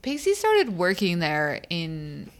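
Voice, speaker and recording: A woman's voice: on the low side, huge pitch swings, slow pace. A middle-aged woman co-hosting a podcast, chatting casually and with exasperation as she recaps a TV episode, swearing freely. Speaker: podcast co-host.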